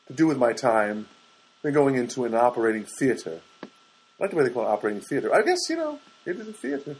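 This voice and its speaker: A man's voice: mid-range voice, darkish tone, husky, rough recording. A man from the US East Coast talking casually in a rambling solo monologue, chatty and self-deprecating, often putting on comic voices for other people.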